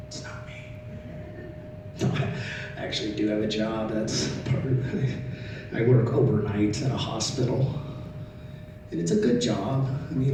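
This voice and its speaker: A middle-aged man doing a stand-up comedy set, telling stories in a conversational way, loud at the punchlines and quiet in the asides. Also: on the low side. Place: comedy club stage. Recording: echoey room, distant mic, audible noise.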